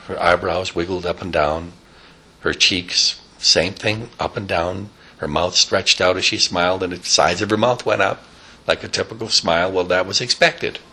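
A man telling a rambling, improvised story, animated, with sound effects and casual asides. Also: low-pitched, husky.

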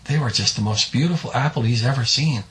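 A man telling a homespun story in a folksy, unhurried way, with a voice of middle pitch. He stretches out words and throws in spoken sound effects. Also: a bit bright.

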